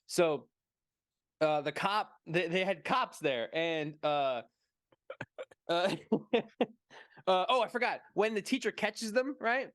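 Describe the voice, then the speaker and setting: A man's voice: sits high, takes it slowly, pauses often, dry recording, clean studio sound. A man co-hosting a casual movie stream, retelling a funny story with acted-out quotes and frequent laughter. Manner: animated storyteller, acts out quotes, laughs often. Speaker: podcast co-host.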